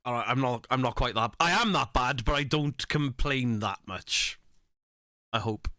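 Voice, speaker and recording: A man's voice: medium pitch, normal speed, bright, forceful tone, dry recording. A man giving casual, sweary reaction commentary on stream clips, laughing and mocking himself.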